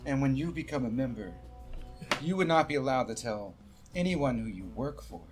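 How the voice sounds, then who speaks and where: A man's voice: medium pitch, animated, moderate pace, over music, lightly acted. A man voicing a flirtatious, secretive woman who recruits for a secret society in a tabletop game.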